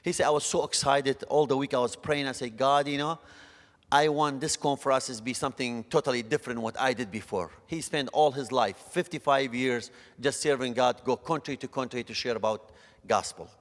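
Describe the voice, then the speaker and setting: Man preaching into a reverberant hall. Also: medium pitch. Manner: halting, repeats words, swings between loud and soft. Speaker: youth speaker. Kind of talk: testimony sermon. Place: church hall.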